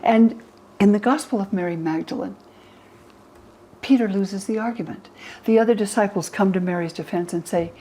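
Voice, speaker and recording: A woman's voice: medium pitch, moderate pace, slight background noise, rough recording. A woman in her eighties from the United States, a historian of religion, telling stories animatedly in a documentary interview. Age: 80s. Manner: animated storyteller, acts out quotes.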